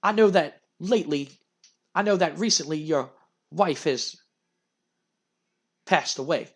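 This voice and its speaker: A man voicing an earnest, formal male private detective who questions and pitches himself as a bodyguard. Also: close to an everyday voice. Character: earnest male private-eye wrestler, self-important.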